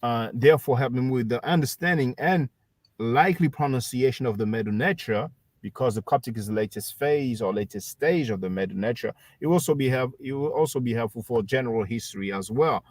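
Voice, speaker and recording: A man hosting a livestream, calmly explaining history and addressing his listeners as brothers and sisters. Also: medium pitch, a little fast, no echo. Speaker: livestream host. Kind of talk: casual history discussion.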